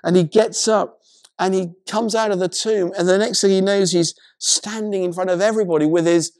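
A male pastor preaching a sermon, retelling a story in an animated way, with many stammered restarts. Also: high voice, fairly quick, no room sound, clean studio sound.

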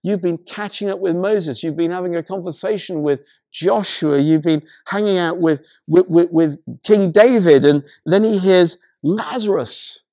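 A male pastor preaching a sermon, retelling a story in an animated way, with many stammered restarts. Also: sits high, a little slow, few pauses, no echo, clean studio sound.

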